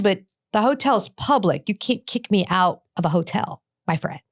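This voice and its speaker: A woman's voice: medium pitch, animated, fairly quick, hardly any pauses. A middle-aged woman, an addiction specialist, telling a story in an interview, acting out both sides of the dialogue with blunt, cursing energy.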